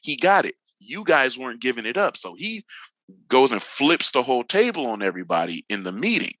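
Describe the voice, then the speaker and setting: A man in his forties from Northern California, a podcast guest telling stories casually, animated and slangy, acting out the people he quotes. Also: medium pitch, a little fast, no echo, poor audio. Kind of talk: casual storytelling chat.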